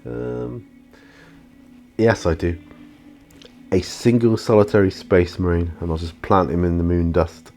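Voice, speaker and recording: A low-pitched man chats his way through viewer questions, loose and unscripted, full of ums and restarts. Faint music plays softly behind him as he talks to his audience. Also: steady tone, unhurried, gravelly, pauses often. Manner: rambling, chatty, with many ums and restarts. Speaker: YouTube channel host answering viewer questions. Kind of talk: casual Q&A monologue. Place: outdoors near his studio.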